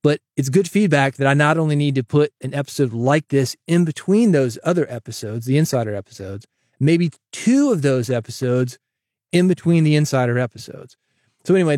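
A man's voice: medium pitch, darkish tone, dry recording, studio quality. A man hosting his own podcast, talking solo to listeners in a conversational, emphatic way that leans on repetition. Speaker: podcast host.

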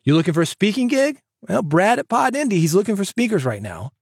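Podcast coach guy, upbeat and jokey, kinda high voice, dry close mic. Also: fast, breathy edge, dry recording. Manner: energetic and chatty, jokes with listeners. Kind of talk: podcast advice monologue.

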